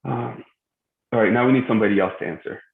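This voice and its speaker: A man teaching a tajweed class online, patiently walking students through pronunciations with frequent pauses. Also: mid-range voice, creaky. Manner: patient, many "um" pauses, spells out pronunciations slowly. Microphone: video call. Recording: tinny phone-like call audio in an echoey room.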